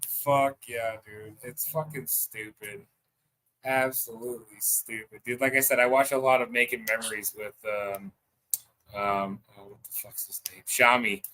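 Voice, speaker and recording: Male livestream host, mid pitch, forceful bright tone, rambly and profane. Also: measured pace. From United States. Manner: excitable, heavy swearing, rambling with many fillers. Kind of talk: casual livestream chat.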